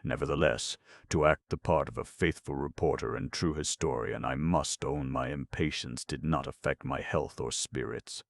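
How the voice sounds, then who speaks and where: A man narrating a classic novel as an audiobook in a measured, expressive storytelling manner. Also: extremely low pitch, creaky, dry recording, clean studio sound.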